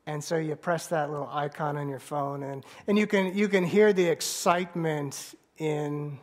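A man preaching a sermon as pastor, bantering with the congregation and telling a story with halting restarts. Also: a little high. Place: church sanctuary.

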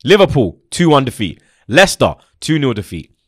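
Animated man talking football. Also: mid-range voice, moderate pace, dry recording, clean studio sound. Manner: animated, emphatic, street slang. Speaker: football fan show host. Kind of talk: heated casual football chat.

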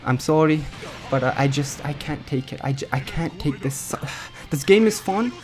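A young man giving rambling, excitable commentary over his own gameplay as a gaming YouTuber, swinging between muttering and yelling. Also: fairly high pitch, moderate pace, soft background music.

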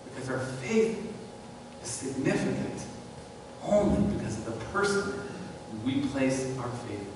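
A male pastor preaching a sermon in a church, telling a story and swinging between hushed and loud. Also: medium pitch, animated, measured pace. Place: large church sanctuary. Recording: distant mic, long church reverb, faint noise.

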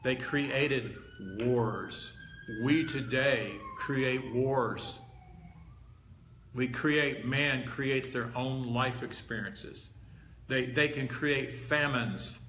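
A man's voice: medium pitch, very slow, fairly bright tone. Guy preaching to a room, punchy and talky, keeps repeating stuff, bit of hiss, echoey. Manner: conversational, emphatic, repeats key words. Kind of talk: teaching sermon. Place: meeting hall with a live audience. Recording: roomy hall echo, faint background hiss.

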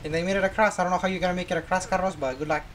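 An excitable gamer chatters through casual gameplay commentary, teasing a friend in a playful, mid-pitched voice. A faint hiss sits under the recording. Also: very fast.

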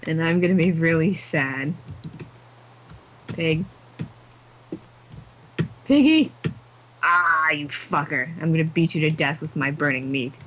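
A woman's voice: deep voice, steady tone, normal speed, slight background noise, rough recording. An exhausted woman gamer chatting to herself during late-night gameplay, giggling as she goes. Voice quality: giggly, talks to herself and the game. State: exhausted, sleepy.

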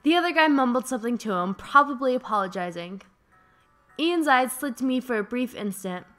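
A young woman hosting a let's play, reading a visual novel aloud in an animated, playful way with jokes and swearing. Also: fairly high pitch, a little fast, faint music behind.

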